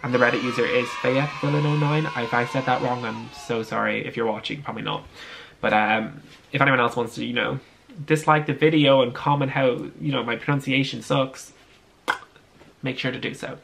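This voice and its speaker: Young Irish guy, casual vlog host, gossipy and rambling; gravelly fry in a mid-range voice. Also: mid-range voice, fairly even intonation, moderate pace, a bit bright, a little hiss or hum. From Ireland. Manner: chatty, gossipy, frequent ums and restarts. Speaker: vlogger. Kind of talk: casual chat.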